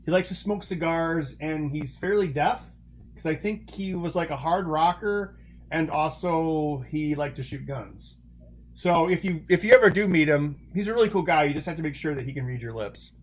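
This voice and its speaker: A man's voice: fairly high pitch, normal speed. A man hosting a livestream in casual chat, rambling with frequent restarts and chuckles, speaking into a desk mic. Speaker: livestream host.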